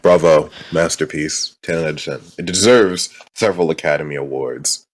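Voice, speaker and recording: A man's voice: rumbling low, normal speed. A man on a podcast tossing in playful, joking remarks. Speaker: podcast co-host.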